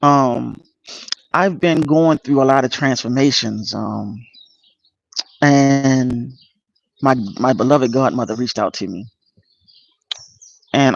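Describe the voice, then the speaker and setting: A man hosting a casual livestream, greeting viewers by name and speaking earnestly and emotionally about his spiritual path, with many pauses and fillers. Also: medium pitch, vocal fry. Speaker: channel host. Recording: dull lo-fi dry sound.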